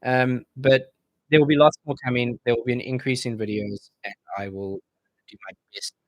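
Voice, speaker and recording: A man's voice: mid-range voice, normal speed, no room sound, highs cut off. A man hosting a casual live-stream Q&A, reading viewer comments aloud and bantering about them.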